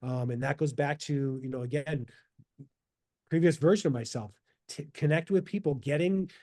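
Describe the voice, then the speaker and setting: Upbeat motivational man, mellow voice. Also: fairly high pitch, normal speed. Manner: animated, motivational, quotes himself in asides. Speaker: podcast guest. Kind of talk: casual interview talk.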